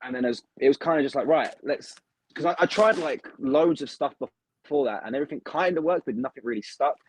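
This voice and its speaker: A young man from the UK, a wrestler talking casually and excitedly in an interview, with lots of "like" fillers. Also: on the high side, a little fast, slight background noise, low-quality recording. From United Kingdom. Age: young adult. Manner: chatty, excitable, heavy use of "like". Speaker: wrestler, guest.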